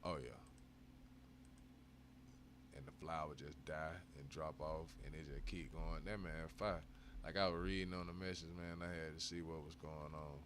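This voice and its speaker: A man's voice: very deep voice, steady tone, normal speed, background noise. A man hosting a live stream, chatting casually with heavy swearing, frequent laughs and bursts of hype. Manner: profane, hyped, laughs often.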